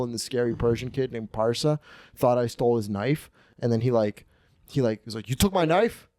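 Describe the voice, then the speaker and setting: A man in his twenties hosting a comedy podcast, telling stories in a profane, slangy, animated way and acting out voices. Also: mid-range voice, clear, resonant tone, dry recording. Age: 20s. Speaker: podcast host. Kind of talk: casual comedic storytelling.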